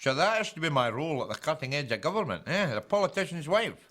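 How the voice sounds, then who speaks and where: A fast-talking actor with a slightly high, somewhat bright voice and big pitch swings uses a Glaswegian accent in a sitcom. His character is a sarcastic, mocking Glasgow man lodging in a politician's house.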